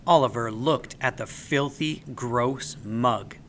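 Man, storybook narrator, bright voice, animated reading, faint hiss behind. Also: medium pitch, slow. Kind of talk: children's story read aloud.

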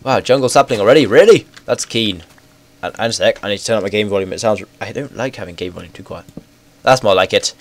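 A young man with a cold, sounding hoarse and congested, rambling through casual game commentary on a headset mic with self-mocking, excitable asides. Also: lowish voice, fast. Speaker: gaming video host.

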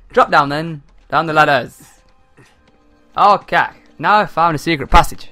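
A man's voice: a little high, expressive, a little slow, pushed and bright, no room sound, faint music behind. A young man doing joking, self-mocking commentary over a game he is playing, laughing often. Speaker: let's play gamer.

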